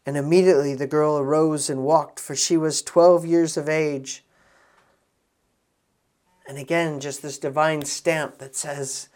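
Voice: mid-range voice, fairly even intonation, a little slow, a little mellow. A preacher giving an earnest sermon, often restarting phrases and swelling for emphasis.

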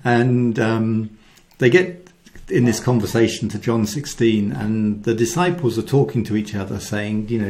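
A man giving a devotional talk, telling the story with animated acted-out quotes and dropping to a soft hushed voice for key lines. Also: fairly low pitch, normal speed, few pauses. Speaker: Christian speaker.

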